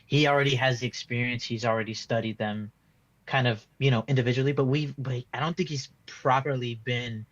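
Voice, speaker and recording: A man's voice: mid-range voice, steady tone, fairly quick, a bit bright, dry recording, dull audio. A man giving a casual post-match fan reaction, rambling and frustrated, full of restarts and "like" fillers. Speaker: football fan being interviewed.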